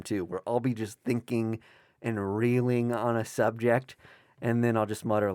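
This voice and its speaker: A man co-hosts a podcast, chatting casually and jokingly about comics and swearing now and then. His mid-range voice is clear, resonant and a little mellow, with fairly even intonation and a moderate pace. The recording is dry, with clean studio sound.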